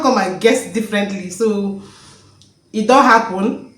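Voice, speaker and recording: A woman talks straight to her camera at home, overflowing with joy and circling back over the same words. Her voice sits at an everyday middle pitch. The room around her rings with a clear echo. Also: a little slow, a bit bright. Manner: joyful and emotional, repeats phrases. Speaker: vlogger. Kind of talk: emotional personal vlog. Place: home, indoors.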